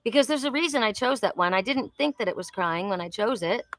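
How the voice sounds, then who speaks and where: A woman's voice: medium pitch, expressive, fast talker, no echo. A woman in her sixties hosting a live oracle reading, chatting effusively and talking to viewers by name. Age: 60s. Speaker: host.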